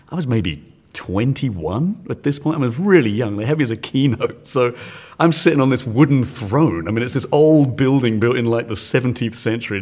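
A man in his forties from the United Kingdom, a science teacher telling stories as a guest in an interview, animated and laughing often. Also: lowish voice. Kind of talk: storytelling in an interview.

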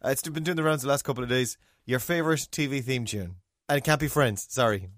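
A man's voice: mid-range voice, fast, fairly bright tone, no echo, studio quality. A man co-hosting a casual chat, rambling and self-correcting with enthusiasm. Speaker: podcast co-host.

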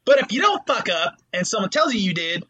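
Male podcast co-host, husky and bright, animated and foul-mouthed storyteller. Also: high-pitched, a little fast, muffled recording. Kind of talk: casual podcast chat.

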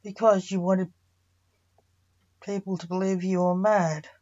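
A woman's voice: lowish voice, flat delivery, unhurried, a little mellow. A woman voicing a pushy male prosecuting barrister who presses the defendant with needling questions, in a storybook reading. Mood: probing. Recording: dull lo-fi recording.

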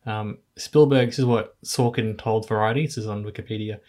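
A man's voice: on the low side, steady tone, brisk, darkish tone. A man hosting a casual film-review podcast, talking in an easygoing, hesitant way with frequent chuckles. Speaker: podcast host.

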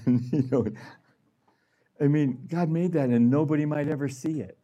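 A man's voice: on the high side, normal speed, mellow, highs cut off. A man giving a conversational sermon to a gathering, laughing often and acting out little voices. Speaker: healing room director speaking.

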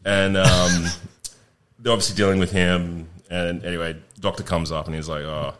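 A man's voice: low voice, flat delivery, normal speed, a bit bright. A man, a podcast guest telling war stories in a laid-back, profane way and laughing through them. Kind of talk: casual storytelling chat.

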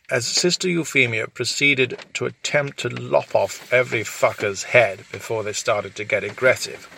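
A man improvising a crude comic story in a deadpan, rambling way. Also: mid-range voice, creaky, slight background noise. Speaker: storyteller host.

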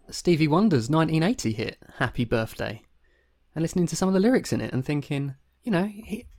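A man's voice: medium pitch, a little mellow. Guy on a comedy advice podcast, dry and wry, rambly story, normal mid voice. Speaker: podcast co-host. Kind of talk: casual comedic advice chat.

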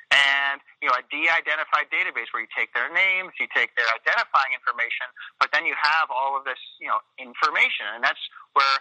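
A man's voice: mid-range voice, a little fast, bright, forceful tone, no echo, lo-fi sound. A man in his thirties telling his story in a casual interview, rambling with many fillers and restarts. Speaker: interview guest, Pilates studio owner.

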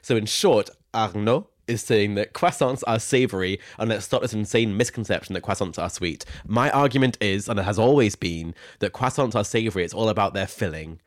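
A man's voice: lowish voice, brisk, hardly any pauses. A young man co-hosting a casual podcast, reading out listener questions and laughing often. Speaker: podcast co-host. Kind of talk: casual chat.

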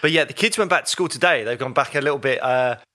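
A man, co-hosting a casual podcast chat over a video call, chatty and quick to laugh. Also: mid-range voice, sharp tone. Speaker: podcast co-host.

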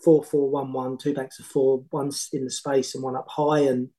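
A middle-aged man, a former football manager, telling long animated anecdotes in casual podcast chat with many restarts. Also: medium pitch, normal speed, low-quality recording. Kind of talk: casual storytelling.

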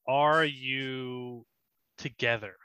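A man's voice: medium pitch, fairly even intonation, extremely slow, bright, forceful tone, smooth, no room sound, dull audio. A man narrating a tabletop game as game master, in a loose, chatty way.

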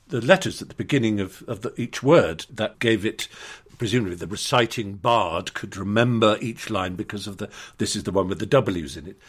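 Husky older Englishman telling anecdotes. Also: lowish voice. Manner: articulate, anecdotal, with frequent restarts. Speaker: guest. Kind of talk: conversational storytelling.

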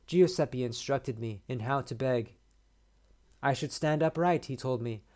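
A man podcast host reading a short story aloud in a measured, steady way. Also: mid-range voice.

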